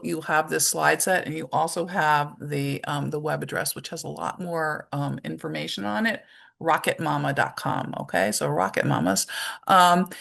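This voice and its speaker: Middle-aged woman, low gravelly voice, workshop presenter, loose and conversational. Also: pushed and bright. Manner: conversational, with many fillers and acted-out examples. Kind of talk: informal presentation talk.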